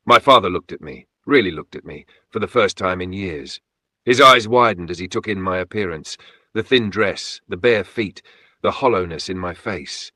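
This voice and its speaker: Male storyteller, scripted narration, low and bright, dry close mic. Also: moderate pace, slightly rough, no echo. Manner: steady, dramatic storytelling. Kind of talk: scripted first-person narration.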